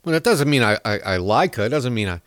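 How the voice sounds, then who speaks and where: Rambling, lively-voiced male political host. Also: mid-range voice, quick pace, dry recording, clean studio sound. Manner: rambling, sarcastic, with chuckles. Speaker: podcast host. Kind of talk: opinionated political commentary.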